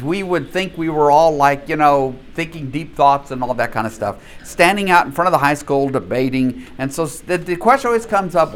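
A man in his seventies teaching a church Bible study class in a chatty, animated way, quick to laugh. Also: fairly high pitch, a faint crowd. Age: 70s.

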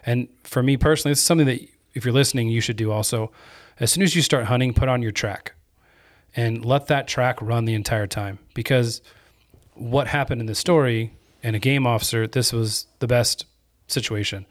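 A man's voice: mid-range voice, fairly quick. Chatty man telling a story. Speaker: podcast host. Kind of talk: casual storytelling chat.

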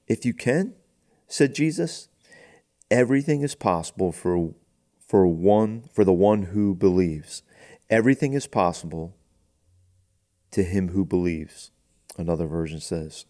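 A man with a very deep, low-pitched voice reads a scripture passage and unpacks it in plain conversational talk. As a pastor co-hosting a podcast, he pauses to think aloud and voices the quoted lines in an easygoing way. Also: mellow. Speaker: pastor co-host of a faith podcast. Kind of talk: reading and explaining scripture in casual chat.

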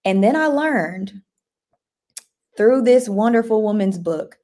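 A woman hosting a casual motivational livestream, upbeat and excitable, often restarting and repeating herself. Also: mid-range voice, slow pace, pauses often. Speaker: livestream host.

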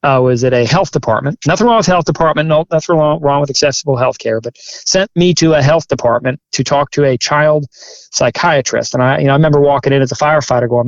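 A man who is a firefighter and chaplain, telling his story candidly in an interview, earnest and halting, growing emphatic. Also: mid-range voice, creaky, dry recording, lo-fi sound. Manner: earnest, halting restarts, grows forceful and emphatic.

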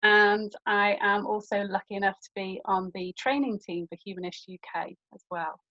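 A woman's voice: medium pitch, steady tone, moderate pace, sharp tone, slight background noise. Chatty woman, muffled line. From born in England, raised in Birkenhead. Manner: chatty, explanatory, many fillers. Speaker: guest, humanist celebrant. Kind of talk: casual podcast interview.

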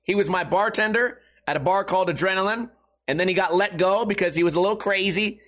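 Guy ranting on his comedy pod, swears a ton, laughs at his own bits, kinda high voice. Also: a bit bright. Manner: swears constantly, laughs at own jokes, quick asides. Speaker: comedy podcast host. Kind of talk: profane comedic rant.

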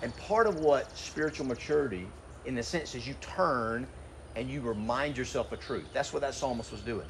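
A middle-aged man preaching a sermon in a conversational way, asking rhetorical questions and slowing down to read scripture. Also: mid-range voice, a little hiss or hum. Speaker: pastor. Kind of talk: sermon to graduating seniors.

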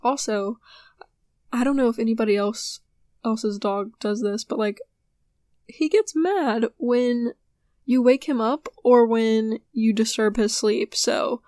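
Chatty and drowsy, a young female podcast host rambles about her day in a casual solo episode, yawning and saying sorry along the way. She speaks slowly in a slightly high, a little mellow voice, recorded in clean studio sound without echo.

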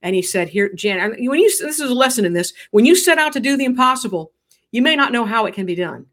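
Lively storytelling woman. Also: fairly high pitch, fast talker. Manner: animated storyteller acting out quoted dialogue. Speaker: guest, pro-life activist. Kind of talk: storytelling interview.

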